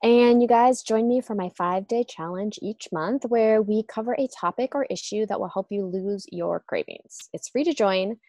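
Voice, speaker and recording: Gravelly woman podcast host. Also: medium pitch, moderate pace, few pauses, warm tone, dry recording, studio quality. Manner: upbeat, promotional. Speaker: podcast co-host, health coach. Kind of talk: podcast intro.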